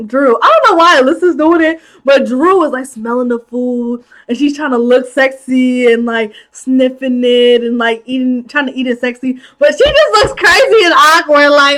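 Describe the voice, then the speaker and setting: Chatty high-voiced woman recapping a movie. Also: normal speed, hardly any pauses. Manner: animated, chatty, laughs often, acts out characters' lines; many filler "like"s. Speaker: movie commentary host.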